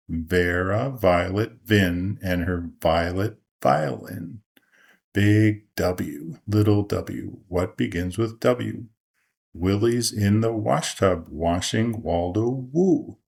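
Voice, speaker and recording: An older man reads a children's picture book aloud, keeping a slow, sing-song rhythm. His voice is fairly low and has a gravelly edge, and he takes his time over every line. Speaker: storyteller reading aloud.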